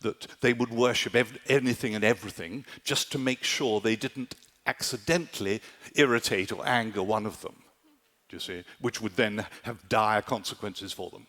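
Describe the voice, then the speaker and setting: A man preaching a sermon at a summer camp, animated and rhetorical, often checking in with "do you see?". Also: on the low side, moderate pace, big-room sound. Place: large conference hall at a summer camp.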